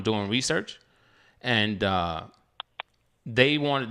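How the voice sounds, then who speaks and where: Bright-voiced joking man hosting. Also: mid-range voice. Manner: joking, laughs often. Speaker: podcast host. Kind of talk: casual podcast chat.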